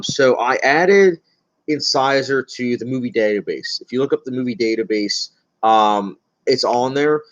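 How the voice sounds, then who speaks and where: A medium-pitched young man, recorded in lo-fi, answers his viewers' questions during an informal livestream. Chatty and rambling, he uses plenty of fillers and laughs often, with a jittery manner he calls anxious.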